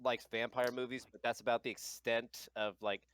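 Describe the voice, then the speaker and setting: A man's voice: mid-range voice, little pitch movement, normal speed, a bit bright, clear, resonant tone. A man playing a tabletop game, describing his character in a rambling way with many restarts. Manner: rambling, full of restarts and fillers. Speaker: player. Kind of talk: casual tabletop game chat.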